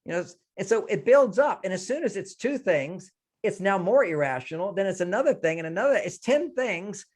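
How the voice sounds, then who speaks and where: High-voiced man explaining emotions animatedly. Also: fairly quick. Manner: animated, acts out dialogues in changing voices. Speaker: guest expert. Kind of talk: interview answer, explaining relationship advice.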